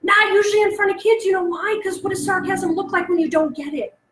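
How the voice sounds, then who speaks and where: A woman in her thirties presenting alone to parents, chatty and animated, acting out her son's jokes as she goes. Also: very high-pitched, quick pace, roomy sound, rough recording. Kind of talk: solo online talk to parents. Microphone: close mic, alone presenting online.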